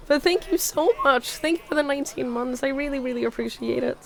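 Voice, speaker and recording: A woman's voice: sits high, a little fast, vocal fry, few pauses, a little hiss or hum. A woman streamer with a sick voice, chatting casually and swearing while playing a game. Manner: chatty, swearing, self-mocking. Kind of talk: casual gameplay commentary.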